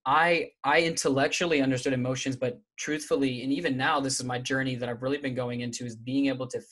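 A man in the middle range of pitch speaks as an interview guest, sharing a personal story in a candid, halting way. He restarts often and leans on fillers as he thinks aloud. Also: steady tone, fairly bright tone.

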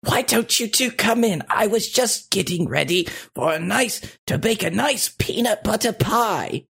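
A woman's voice: medium pitch, expressive, a little slow, vocal fry, fairly bright tone, breathy edge, exaggerated voice. A woman voicing a sweet, doting old grandmother goddess who fusses over her visitors. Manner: doting and fussing.

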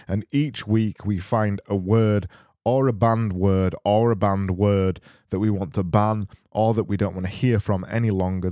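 A man rambles through his solo comedy podcast in a deadpan voice, looping back and restarting his phrases as he goes. His voice sits fairly low and has a warm, dark tone. It is recorded close and dry, with no room sound. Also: no room sound. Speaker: podcast host.

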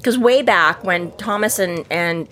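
Woman, low voice, casual podcast chat, rambling, animated. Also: measured pace, slight background noise. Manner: animated, acts out characters' lines; rambling, many fillers and restarts. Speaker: podcast co-host. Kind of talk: casual book discussion.

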